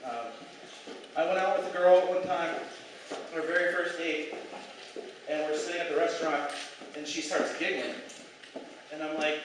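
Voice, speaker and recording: Young male stand-up, slightly high voice, profane and animated, caught from afar in an echoey noisy room. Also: moderate pace, long pauses. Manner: animated, profane, acts out quoted dialogue. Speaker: stand-up comedian. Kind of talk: stand-up set. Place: small comedy club stage. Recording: echoey, distant, noisy club recording.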